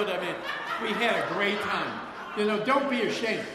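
A man's voice: a little high, fairly quick, a crowd in the background. An older man speaking at a recovery meeting, telling his personal story in a chatty, rambling way with frequent laughs and repeated phrases. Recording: echoey hall with long reverb.

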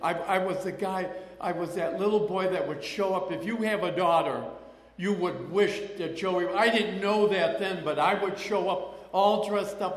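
An older man with a somewhat high voice tells a rambling personal testimony, circling back and acting out remembered voices. The sound is roomy, with a long reverb trailing each phrase. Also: fairly bright tone. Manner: rambling, with many restarts and acted-out quotes. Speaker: person sharing a recovery story. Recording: echoey hall with long reverb.

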